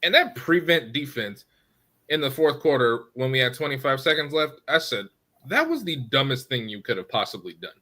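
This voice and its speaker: A man talking as a podcast guest, opinionated and animated about the team's play. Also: medium pitch, moderate pace. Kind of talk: casual sports talk.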